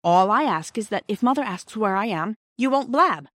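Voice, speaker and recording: A woman's voice: mid-range voice, expressive, moderate pace, a bit bright, no room sound, studio quality, voice pushed up, close to an everyday voice. A woman reading a storybook aloud, voicing a proud, secretive young boy who speaks in a lofty, indignant way.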